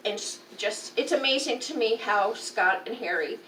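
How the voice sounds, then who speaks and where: A woman's voice: on the high side, normal speed, pushed and bright. A woman telling a personal story to her viewers in a casual, rambling way, often correcting herself mid-sentence. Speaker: vlogger. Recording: echoey room, distant mic, faint noise.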